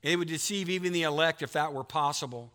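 Folksy pastor, fairly high voice, preaching in a big echoing sanctuary. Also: male voice, fast talker, fairly bright tone, smooth. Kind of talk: sermon. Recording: long hall reverb.

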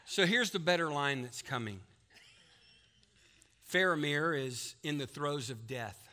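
A middle-aged man, preaching a sermon as pastor, building to loud climaxes and dropping to a hush in prayer. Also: on the high side, moderate pace. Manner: animated, rising to loud climaxes, hushed in prayer.

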